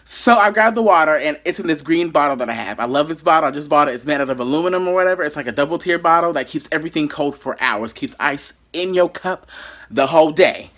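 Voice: medium pitch, animated, fast talker, a bit bright. A YouTuber telling a dramatic story from their bedroom, with lots of asides to the viewers. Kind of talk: storytime vlog.

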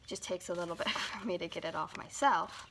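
Gravelly-voiced woman reading a children's story. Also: lowish voice, heavy background noise. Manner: slow, sing-song storytime delivery with drawn-out words. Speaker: children's librarian. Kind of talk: reading a picture book aloud to children.

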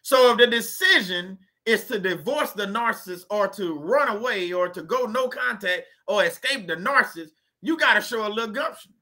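A man hosts a casual motivational talk rooted in faith. His voice sits high and rings very bright and sharp. He preaches in loose, everyday speech and repeats phrases to drive his points home. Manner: preachy and repetitive, colloquial. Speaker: host.

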